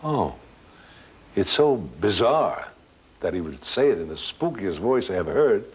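An older man with a very deep, husky voice tells a personal anecdote in a relaxed, plain-spoken way. He stumbles and restarts now and then and slips into quoted dialogue as he goes. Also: a little slow, low-quality recording. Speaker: guest storyteller.

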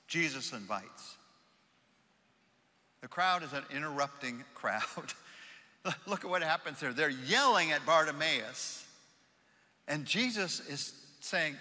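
Dynamic pastor, shouting to whispering. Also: male voice, a little high. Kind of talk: sermon. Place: church auditorium. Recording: reverberant church hall.

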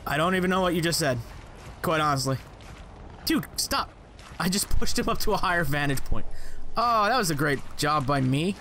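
A man's voice: a little high, animated, normal speed, pauses often, pushed and bright, a little hiss or hum. A young man commenting on his own gameplay, exclaiming, joking to himself and swearing as he plays. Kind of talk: casual let's play commentary.

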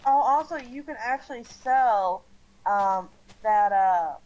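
Higher woman on a distant, muffled mic. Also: slow, a little mellow. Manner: hesitant, asks lots of questions. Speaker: player on a call. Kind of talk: casual gaming chat.

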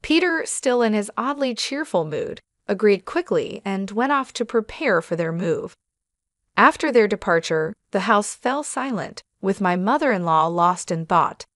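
A woman narrating a first-person family drama story in an even, measured reading style. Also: medium pitch, no echo, studio quality.

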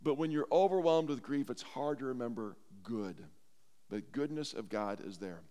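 Earnest pastor preaching in a reverberant church. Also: male voice, medium pitch, normal speed, dark tone. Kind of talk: sermon. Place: church sanctuary. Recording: long church hall reverb.

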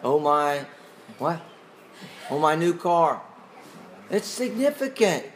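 A man teaching a Bible class in a fairly high voice. He talks conversationally, puts questions to the class and chuckles as he goes, with a faint hiss behind him. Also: big pitch swings, slow.

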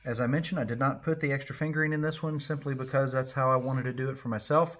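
A man's voice: medium pitch, fairly even intonation, quick pace, a bit bright. Middle-aged flute maker guy, folksy, rambles on, kinda out of breath, casual tutorial talk. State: a little out of breath. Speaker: flute maker and channel host.

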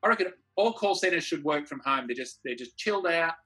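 A man's voice: on the high side, expressive, a little fast, sharp tone, slightly rough, soft background music. An Australian man chatting casually on a video call as a comedy co-host, laughing easily as he tells stories. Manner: laughing, easygoing storyteller.

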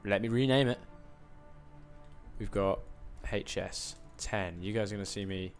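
A man's voice: lowish voice, measured pace, faint music behind. A young man with a put-on American accent, rambling through live game commentary with self-mocking asides. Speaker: gaming commentator.

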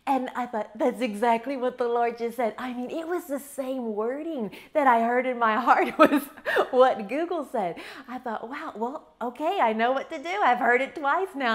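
A woman hosting a Christian devotional show from her kitchen, telling personal stories in a chatty, warm-hearted way with frequent laughs. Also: medium pitch. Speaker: Christian teaching show host. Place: home kitchen.

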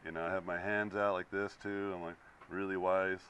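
A young man talks to a classroom of students in a casual, animated way, slipping into the voices of the people in his story. His voice is low-pitched but bright and forceful. The sound is dull and lo-fi. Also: moderate pace, a little hiss or hum. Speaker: visiting concept artist. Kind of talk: casual talk to students while sketching.

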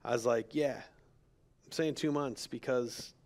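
Candid male pastor with a gravelly voice. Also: medium pitch, steady tone, takes it slowly, long pauses, darkish tone. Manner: candid, storytelling, quoting others in dialogue. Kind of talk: sermon. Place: church sanctuary.

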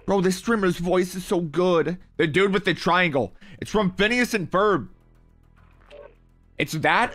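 A man's voice: high-pitched, animated, measured pace, a bit bright, faint music behind. A young man livestreaming a mobile game, reading his chat aloud with hyped, playful, slangy banter. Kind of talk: live gaming stream, reading chat.

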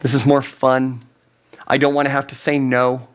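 A man's voice: mid-range voice, completely flat delivery, moderate pace, clean tone, close to an everyday voice. A man voicing a stubborn person who refuses to let go, talking in a reluctant, self-justifying way.

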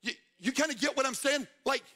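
A man preaching a sermon in a church, talking straight to the crowd and building to loud, emphatic peaks. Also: very high voice, a little fast. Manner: preaching with rising emphasis, addressing the crowd directly. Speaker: guest speaker, football coach. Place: church stage.

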